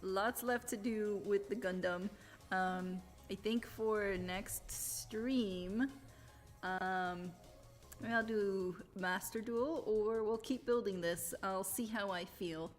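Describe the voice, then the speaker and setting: Speaking slowly in a medium-pitched voice, with faint music in the background, a woman chats casually on her live stream. She laughs frequently between sentences and tells her viewers stories in an animated way.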